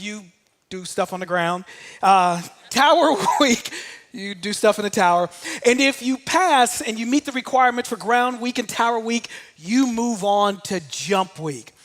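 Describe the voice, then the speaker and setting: Male motivational speaker, high-pitched, lively storytelling, long hall reverb. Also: measured pace, faint music behind. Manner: animated storyteller, shouts out quoted commands. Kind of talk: motivational talk telling a personal story.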